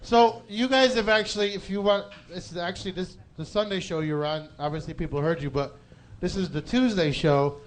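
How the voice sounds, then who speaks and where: A man's voice: high voice, rough recording. A man hosting a live podcast, teasing his guests with crude, profane jokes. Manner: profane, teasing, quick-talking. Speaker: podcast host. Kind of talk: crude joking studio banter.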